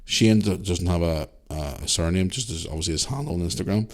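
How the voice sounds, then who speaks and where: A man's voice: deep voice, a little fast. A middle-aged man with a Northern Irish accent, hosting a casual solo podcast and chatting loosely as he reads out listener messages. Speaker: podcast host.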